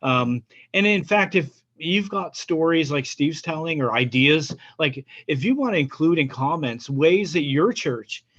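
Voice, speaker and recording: A man's voice: a little high, lively intonation, fairly bright tone. A man, a pastor hosting a casual interview, who affirms his guest often before wrapping up. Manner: affirming listener, quick "yeah" and "mm-hmm". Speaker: pastor and host. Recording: dull lo-fi sound.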